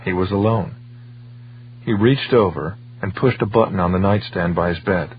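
A man with a low voice narrates an audiobook in a measured, even way. The recording is dull and lo-fi, with a faint hum underneath.

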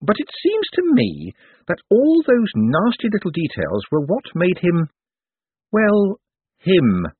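Man playing a wordy, ironic young man, lifted pitch, husky, tinny. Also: wildly swooping pitch, slow, no room sound, heavily acted. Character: glib, articulate young man in charge. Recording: tinny phone-like sound.

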